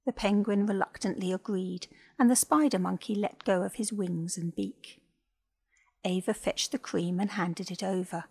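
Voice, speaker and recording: A woman narrating a children's animal story and hosting the podcast, reading gently and clearly. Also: mid-range voice, steady tone, normal speed. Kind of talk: scripted narration.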